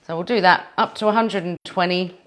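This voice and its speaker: A woman's voice: fairly low pitch, fairly even intonation, brisk, fairly bright tone. A woman with an Australian accent leading a live cooking demonstration in a kitchen, chatty and self-deprecating. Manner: chatty and self-deprecating, laughs at her own mess. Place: home kitchen.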